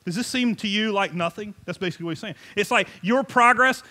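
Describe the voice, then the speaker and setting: Animated high-voiced man preaching. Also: quick pace. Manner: animated, joking, conversational preaching with frequent laughs. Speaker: pastor. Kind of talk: sermon.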